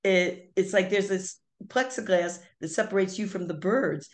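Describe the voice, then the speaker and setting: Older mom, easygoing podcast chatter, medium pitch, meandering storyteller. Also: female voice, moderate pace. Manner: rambling storyteller, many fillers and restarts. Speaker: podcast co-host, parent of the other speaker. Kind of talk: casual family chat.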